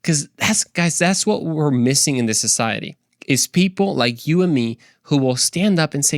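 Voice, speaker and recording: Young man, podcast host, faith talk, energetic, preachy, joking, mid pitch, dry close sound. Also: normal speed, no room sound.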